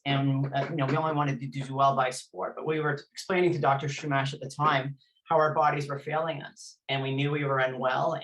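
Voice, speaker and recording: Recounting her own past as an interview guest, a former elite athlete from Canada speaks earnestly and intensely, frequently restarting sentences. Her voice sits low with a fairly bright tone, captured on a low-quality recording.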